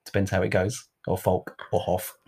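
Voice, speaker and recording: A man's voice: low voice, level tone, normal speed, a little mellow, breathy edge. A man co-hosting a casual podcast, teasing and giggling while telling jokes. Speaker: podcast co-host.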